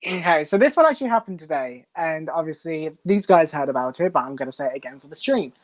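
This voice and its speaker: A young man, casually telling a funny story as a co-host of a group stream, animated and blunt. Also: on the high side, fast talker.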